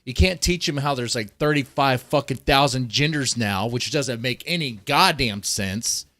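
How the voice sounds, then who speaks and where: A man's voice: medium pitch, normal speed, fairly bright tone, no room sound. A man ranting in heated, profane political commentary, swearing often and reading articles aloud between outbursts.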